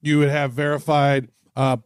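A man's voice: on the high side, little pitch movement, normal speed, clear, resonant tone, no room sound, clean studio sound. A man as a podcast guest in a casual chat, playful and agreeable.

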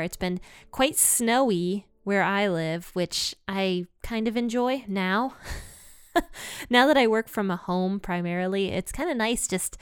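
A woman's voice: medium pitch, clear, resonant tone, no echo, studio quality. A woman hosting a Bible podcast from home, chatting casually and upbeat with listeners and reading scripture aloud. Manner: chatty and upbeat, laughs easily. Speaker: podcast host.

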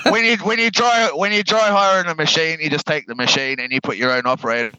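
Man, New Zealand accent, casual podcast guest, bright tone, dull lo-fi sound. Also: a little high, quick pace, clear, resonant tone. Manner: laid-back, swears freely, repeats words while thinking. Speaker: guest, heavy equipment operator.

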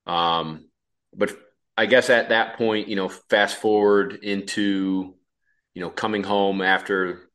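Deep-voiced male interviewer. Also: fairly even intonation, takes it slowly, a bit bright. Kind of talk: casual interview talk.

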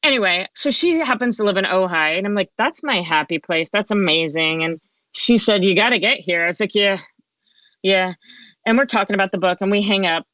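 A middle-aged woman talking as a podcast guest, telling a personal story in a lively, chatty way and acting out the lines of other people. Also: medium pitch, fairly quick, no echo. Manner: animated, chatty, acts out quoted dialogue. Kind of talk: conversational storytelling. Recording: dull, dry lo-fi sound.

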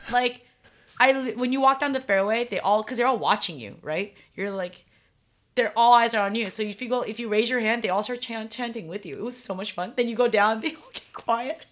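A young adult woman, a professional golfer, telling lively stories as a podcast guest, loud and animated, laughing often and acting out quotes. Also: a little high, brisk. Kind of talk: casual interview storytelling.

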